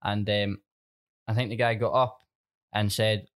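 A Scottish man retelling a story in a casual chat, soft-spoken and a little halting. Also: lowish voice, little pitch movement.

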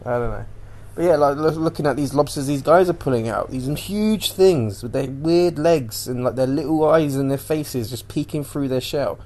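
Casual male podcaster, rambling and sweary, average pitch. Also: normal speed, few pauses. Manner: rambling, sweary, animated retelling. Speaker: podcast host. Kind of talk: casual solo chat.

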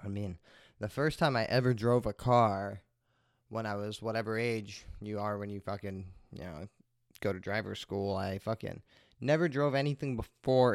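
A man's voice: lowish voice, dry recording. A man hosting a podcast, telling a rambling, profane story in a laid-back way into a close microphone. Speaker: podcast host. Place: at home, smoking while recording. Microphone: close desk microphone.

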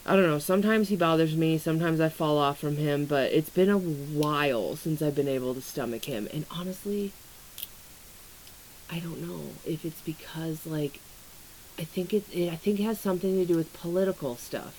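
A low, slightly mellow female voice at a moderate pace carries a little hiss or hum on a low-quality recording. It belongs to a young astrology creator vlogging casually and candidly about her weight struggles and astrology, rambling, swearing freely, and saying "like" and "um" a lot.

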